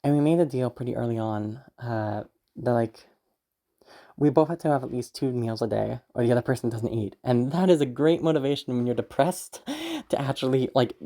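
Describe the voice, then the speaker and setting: A young adult vlogger talking casually to camera in a mellow, relaxed voice. The talk rambles along with plenty of "um"s and little giggles. Pitch sits mid-range for the speaker. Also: vocal fry. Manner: rambling, frequent fillers and giggles. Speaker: YouTube voice creator.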